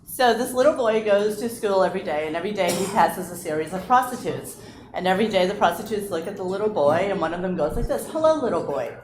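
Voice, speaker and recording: A woman's voice: mid-range voice, fast, darkish tone. A woman guest telling a dirty joke in a storytelling manner. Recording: echoey room with background noise.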